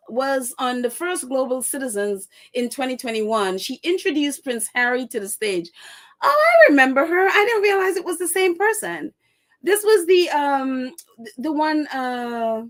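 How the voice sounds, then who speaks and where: A woman's voice: fairly high pitch, a bit bright. Chatty, laughing woman host. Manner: chatty, laughs often, sarcastic, many fillers and restarts. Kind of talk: casual live-stream chat reading viewer comments.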